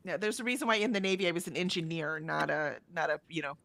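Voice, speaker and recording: A middle-aged woman co-hosting a live stream, chatting casually and telling an animated story full of ums and "right?", acting out the other people's lines as she goes. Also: deep voice, fast, gravelly, dry recording. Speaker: co-host of a writing sprint stream. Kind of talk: casual chat.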